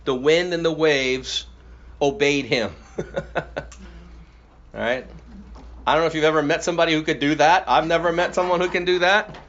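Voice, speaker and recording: Man leading a Bible study, slightly raised pitch. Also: moderate pace, pauses often, a bit bright. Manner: prompting, asks questions and affirms answers. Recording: slightly muffled with faint hiss.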